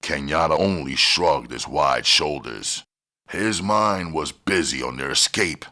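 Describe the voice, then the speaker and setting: A man narrating a crime novel audiobook in a steady, plain reading style. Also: extremely low pitch, a little slow. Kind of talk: scripted narration.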